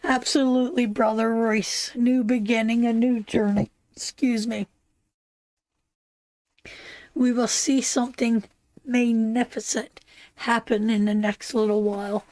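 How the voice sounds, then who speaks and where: A woman's voice: on the high side, level tone, measured pace, a little mellow, dry recording. A tearful woman hosting a live tarot stream, chatting affectionately with viewers and calling them darling and sister. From Canada.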